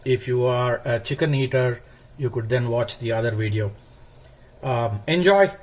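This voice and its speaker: A man hosting a cooking video, explaining each step slowly and warmly praising the food. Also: medium pitch. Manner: slow, instructive, gently enthusiastic. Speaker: cooking show host. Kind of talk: cooking demonstration.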